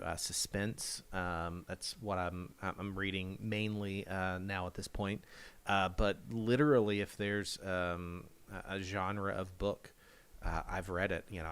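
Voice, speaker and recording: A man with a fairly low, smooth and clear voice talks casually on a podcast. He gets there in stops and starts, often restarting his sentences as he thinks. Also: fairly bright tone. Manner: halting, thinks aloud with many restarts. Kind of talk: casual chat.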